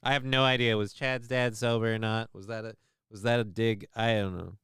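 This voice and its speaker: A man's voice: fairly low pitch, level tone, fairly quick, a bit bright, clear, resonant tone, no echo, clean studio sound. A man hosting a livestream, talking casually in a rambling, profane, self-mocking way. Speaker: livestream host.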